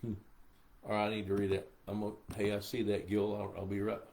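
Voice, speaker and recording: A man's voice: lowish voice, completely flat delivery, fast, creaky, darkish tone, slight background noise. Drowsy, rambling older man. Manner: rambling, reads viewer questions aloud, easily sidetracked. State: sleepy. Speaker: pond management expert hosting a live Q&A. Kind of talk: casual live-stream Q&A.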